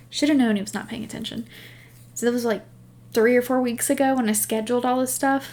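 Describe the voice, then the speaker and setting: A woman's voice: fairly high pitch, steady tone, fast talker, darkish tone. A woman hosting a knitting podcast, chatting casually and rambling through stories while laughing at herself. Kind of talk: casual chat.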